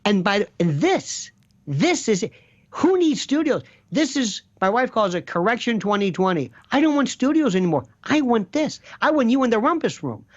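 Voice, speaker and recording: A man's voice: very high voice, moderate pace, muffled recording. A man rambling animatedly as a guest on a casual talk show, jumping between thoughts. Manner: rambling, animated, slips into quoted voices. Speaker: guest commentator. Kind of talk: casual chat.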